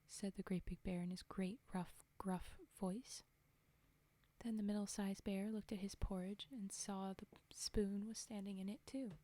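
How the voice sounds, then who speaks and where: A woman whispering a fairy tale slowly and softly as a storyteller, in a whispered role-play reading. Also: medium pitch, little pitch movement. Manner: soft, slow, whispered reading. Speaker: storyteller and streamer.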